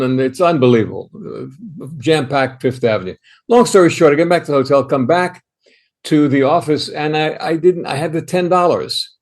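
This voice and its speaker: Animated old Bronx storyteller. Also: male voice, mid-range voice, moderate pace. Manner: animated, full of restarts and acted quotes. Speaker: guest. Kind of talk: anecdotal storytelling.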